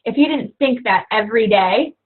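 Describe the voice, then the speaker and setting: A woman's voice: a little high, lively intonation, moderate pace. A young woman coach talking casually and earnestly to fellow coaches, rambling with lots of "you know" and "like". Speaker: fitness coach. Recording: tinny phone-like audio.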